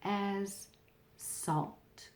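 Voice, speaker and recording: A woman's voice: mid-range voice, steady tone, extremely slow, a little mellow, echoey room. A woman reading a storybook, voicing a young princess who pleads with her father. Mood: pleading. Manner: pleading, insistent.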